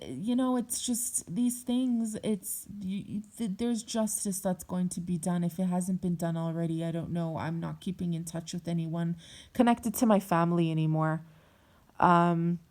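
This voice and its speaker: A young woman talks straight to her viewers in a personal vlog, heated and blunt, with frequent swearing. Her voice sits a little low. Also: steady tone, a little slow, darkish tone. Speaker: vlogger. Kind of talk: personal monologue to camera.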